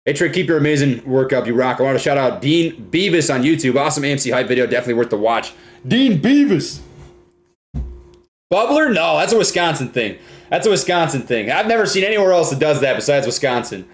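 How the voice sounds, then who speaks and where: A man's voice: medium pitch, animated, quick pace. A young man from Minnesota hosting a casual live stream, reading viewer comments and often ending lines with "right?" and "man".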